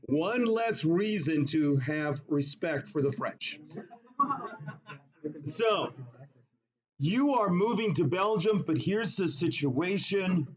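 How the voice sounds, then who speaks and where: Animated, jokey male chemistry teacher. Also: a little high, slow pace, pauses often. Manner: animated, jokey, asks the class questions. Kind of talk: classroom lecture with storytelling.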